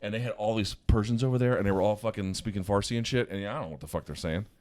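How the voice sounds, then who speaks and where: Low-voiced man, profane storyteller. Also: very fast, darkish tone. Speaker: podcast co-host. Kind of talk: casual chat. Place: hotel room.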